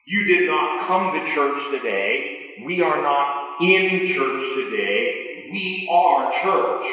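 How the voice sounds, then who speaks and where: A man's voice: a little high, pushed and bright. A man preaching a sermon in a church sanctuary, emphatic, repeating key phrases and asking his congregation questions. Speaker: pastor. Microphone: sound system mic. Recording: echoey church hall, long reverb.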